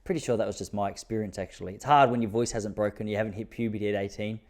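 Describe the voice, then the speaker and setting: A man's voice: steady tone, racing, a little mellow. An Australian man in his thirties hosting a podcast, telling stories in a laid-back, self-mocking way. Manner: laid-back, self-mocking, jumps to high-pitched disbelief when telling jokes. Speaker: podcast host. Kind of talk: casual storytelling monologue.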